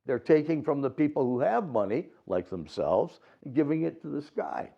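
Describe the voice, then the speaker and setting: A man giving a dharma talk at a temple, retelling a story with lively acted-out voices. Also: a little high, normal speed, vocal fry. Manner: animated retelling, acts out voices. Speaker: Buddhist teacher. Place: temple hall. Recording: dull lo-fi recording.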